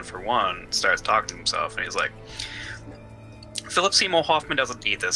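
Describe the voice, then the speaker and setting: A young man playing a tabletop game, grumbling gruffly in character. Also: medium pitch, sharp tone, low-quality recording. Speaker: player. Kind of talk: tabletop role-play.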